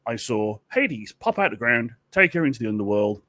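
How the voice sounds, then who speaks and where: Man putting on a lazy smug sun god, offhand, lively pitch, dry close sound. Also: moderate pace, dry recording.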